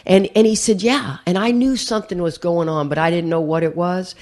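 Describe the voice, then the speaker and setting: A woman's voice: fairly low pitch, fairly even intonation, a little fast, a little mellow. An older woman sharing her story at a recovery meeting, chatty and rambling, often repeating words as she starts a sentence. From USA. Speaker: AA speaker.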